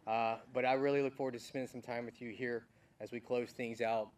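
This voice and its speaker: A middle-aged army general delivers an earnest, heartfelt farewell speech at an outdoor ceremony, mixing formal thanks with casual, folksy asides. His voice sits at an ordinary pitch for a man. The mic catches him from some distance. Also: flat delivery, fairly quick. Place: outdoor military ceremony field.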